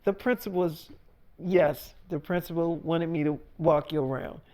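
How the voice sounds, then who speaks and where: A man's voice: fairly high pitch, fairly even intonation, moderate pace, darkish tone, voice pushed down, close to an everyday voice. A man voicing a sensible teenage girl. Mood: calm.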